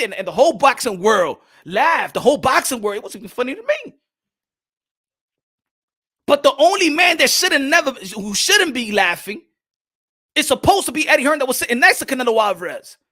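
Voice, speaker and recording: A man in the host's seat of a boxing live stream delivers a fired-up, profane rant. His voice sits very high and sounds bright and forceful. He stumbles and repeats words as he keeps breaking off to greet people in the chat. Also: sing-song, moderate pace. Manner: greets chat viewers by name mid-rant. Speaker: boxing commentary host.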